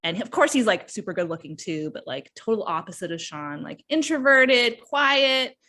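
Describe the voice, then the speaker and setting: A woman's voice: mid-range voice, expressive, normal speed, pushed and bright. A woman hosting a podcast, casually reviewing books and acting out the characters' lines as she retells the story. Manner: chatty, often acts out characters' lines. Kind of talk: casual book review chat.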